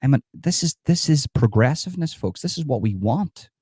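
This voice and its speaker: A man's voice: mid-range voice, big pitch swings, normal speed, dark tone, breathy edge, dry recording, clean studio sound. A man doing a sarcastic impression of a smug, mock-outraged politician, mocking comments in a live stream. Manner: sarcastic, mocking, reads comments and scoffs at them.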